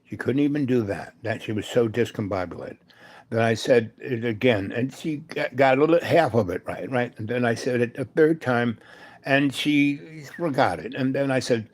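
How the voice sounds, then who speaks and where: A man hosting a live stream, telling a meandering personal story full of fillers and asides, sometimes dropping to a soft, hushed voice. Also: medium pitch, normal speed. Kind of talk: rambling storytelling monologue.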